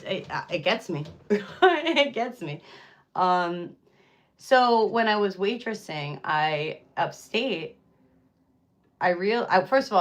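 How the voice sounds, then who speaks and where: A young woman chatting casually with viewers on a livestream, rambling with lots of fillers and easy laughs. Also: fairly low pitch.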